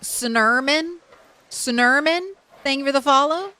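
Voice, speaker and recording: A woman's voice: sits high, slow pace, pushed and bright. A tired young woman streaming a game late at night, chatting casually with her viewers and often restarting her sentences.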